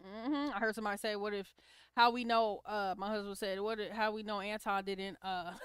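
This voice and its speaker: Woman, livestream host, opinionated, reacts to chat, smooth clear voice. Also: mid-range voice, fairly even intonation, moderate pace, a bit bright, dry recording, studio quality. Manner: opinionated, talks back to chat comments. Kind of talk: casual commentary on clips.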